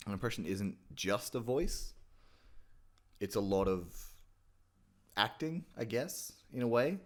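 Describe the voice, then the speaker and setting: Man, comedic tutorial host, rambling and swearing, lively low voice. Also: normal speed. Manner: rambling, swearing, self-mocking. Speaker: channel host teaching impressions.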